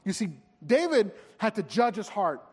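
Earnest preacher, high voice, hall echo. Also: male voice, big pitch swings, normal speed, breathy edge. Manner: earnest, pleading, rises and drops in intensity. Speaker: pastor. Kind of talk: sermon. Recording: hall reverb.

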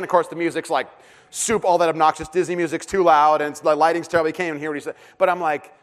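A man's voice: fairly high pitch, rapid-fire. Storytelling man preaching a sermon. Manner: storytelling, animated, laughs often. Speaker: pastor.

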